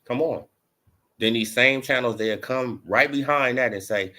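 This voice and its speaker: A man's voice: medium pitch, measured pace. A man giving a casual boxing opinion rant, full of slang and fillers like "bro" and "you know". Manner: rising to animated mocking in the back half. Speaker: boxing commentary vlogger.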